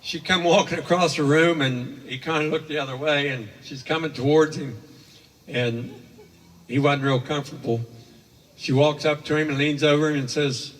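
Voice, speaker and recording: A man's voice: a little high, steady tone, normal speed. An older man rambling through a folksy spoken story with homespun asides, heard from far off in an echoey hall. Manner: rambling, homespun, with many fillers.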